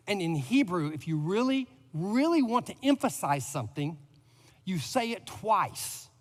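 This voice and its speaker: In a church sanctuary, a man preaches a sermon as pastor, building emphasis and raising his voice on repeated words. His pitch is fairly high, and the space sounds like a large hall.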